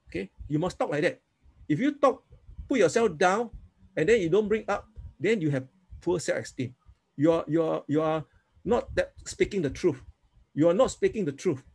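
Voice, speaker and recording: Gravelly-voiced man preaching, repeating "okay?". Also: a little high. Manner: repetitive, coaxing, frequent "okay?"; leads congregation in spoken prayers. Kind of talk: teaching sermon.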